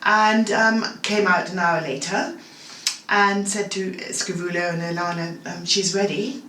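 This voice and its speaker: A woman in her sixties, a make-up artist, chatting and telling animated stories full of asides as a guest. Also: lowish voice, a little slow. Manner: animated anecdotal storytelling, full of asides like "you know" and "okay?". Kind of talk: casual chat. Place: home bathroom. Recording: roomy, distant-sounding, faint room noise.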